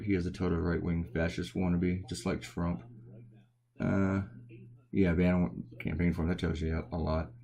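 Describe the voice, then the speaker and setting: A man's voice: low-pitched, a little mellow. A man with a Southern accent, a cartoonist chatting in a rambling, casual way while drawing and answering viewer comments at home. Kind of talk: casual live drawing chat. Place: home at night, quiet to not wake others.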